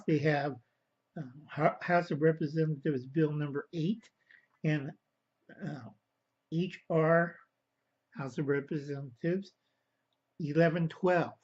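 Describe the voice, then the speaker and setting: A man rants slowly to his camera, pitched a little high for a man, stopping to fix his own slips and calling his viewers kids. His anger runs through the whole talk. The sound is dull and lo-fi, like cheap home video. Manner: slow, rambling, stops to correct himself; angry, addresses viewers as kids. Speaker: vlogger. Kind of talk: casual political rant to camera.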